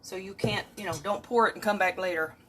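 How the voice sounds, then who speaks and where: A woman talks fast with a medium-pitched, slightly bright voice, chatting to viewers while she cooks at home on a casual livestream. Clattering dishes and utensils add slight background noise.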